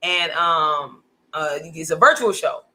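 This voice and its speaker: A woman in her thirties, a comedian guest telling stories in a brash, profane, animated way. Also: sits low, slow pace. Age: 30s. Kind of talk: casual storytelling.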